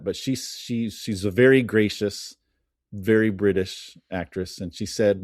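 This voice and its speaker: Lower-voiced man telling film trivia, dry. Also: a little slow, a little mellow, dry recording. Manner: enthusiastic storyteller sharing film trivia. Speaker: podcast guest. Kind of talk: casual chat.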